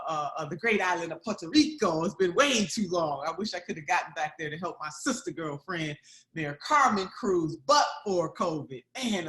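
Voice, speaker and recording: Rousing, preacherly woman, bright and emphatic. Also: fairly low pitch, reverberant. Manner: preacherly, emphatic, repeats phrases, calls people baby. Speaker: guest speaker. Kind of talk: rousing political speech on a video call.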